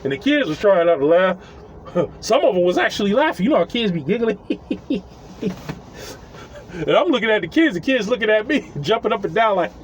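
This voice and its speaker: Guy telling a story outside, swears a lot, chuckles, high lively voice, faint traffic behind. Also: a little fast, pauses often, poor audio. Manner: chuckling, profane, rambling. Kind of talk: casual storytelling.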